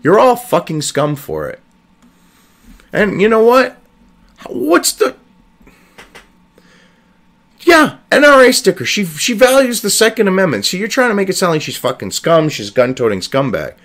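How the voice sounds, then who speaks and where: A man's voice: high-pitched, big pitch swings, moderate pace, pauses often. Furious profane man ranting, voice leaping. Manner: profane, heated, shouting insults. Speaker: online news commentator. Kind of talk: angry ranting commentary.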